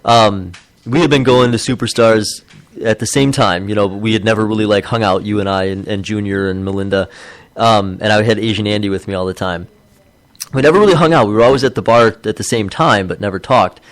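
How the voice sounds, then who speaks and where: A man's voice: on the low side, fairly quick, dry recording. A man in his thirties chatting casually as a podcast co-host, telling stories and acting out the quotes. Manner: animated storyteller, acts out quotes. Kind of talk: casual chat.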